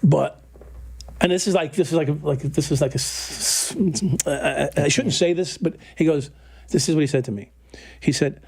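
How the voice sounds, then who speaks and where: A man's voice: on the high side, moderate pace, creaky, darkish tone, husky. A middle-aged man from New York telling prison stories in a casual, profane way, laughing and repeating words. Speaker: interview guest. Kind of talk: casual storytelling.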